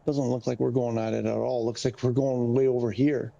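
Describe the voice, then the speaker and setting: A man's voice: mid-range voice, level tone, a little fast, creaky, warm tone, highs cut off. A man streaming a flight game, explaining the radio steps in a chatty, wandering way, talking into a headset mic. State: slightly winded. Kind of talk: casual gameplay commentary.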